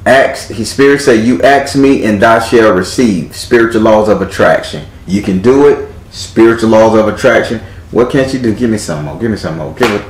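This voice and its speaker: Low-voiced man giving a cheeky tarot reading. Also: lively intonation, a little fast, few pauses, echoey room, rough recording. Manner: theatrical, profane, teasing. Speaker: tarot reader.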